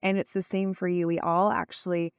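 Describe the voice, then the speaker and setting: A woman hosting a podcast in a chatty, casual way, full of fillers and quick tone demos. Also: lowish voice, flat delivery, no echo, studio quality. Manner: chatty, with many fillers, acts out tones of voice. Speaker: podcast host. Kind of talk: casual solo podcast talk.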